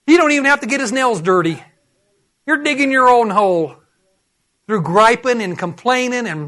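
High-voiced male preacher. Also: normal speed. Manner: animated, acts out voices. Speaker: pastor. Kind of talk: sermon.

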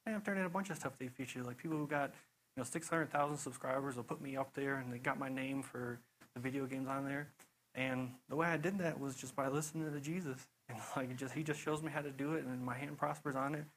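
Young guy preaching casual, rambly and animated, laughs a lot, mid pitch, a little background hiss. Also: fast talker, poor audio. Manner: rambling, animated storytelling with frequent "you know" and laughs. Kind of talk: casual sermon testimony.

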